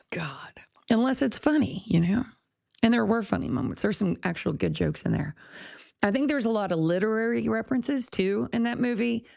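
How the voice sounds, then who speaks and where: A woman's voice: fairly high pitch, animated, moderate pace, gravelly, darkish tone, no room sound, clean studio sound. A woman hosting a podcast, ranting bluntly and casually, with profanity and laughs at her own jokes. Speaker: podcast host.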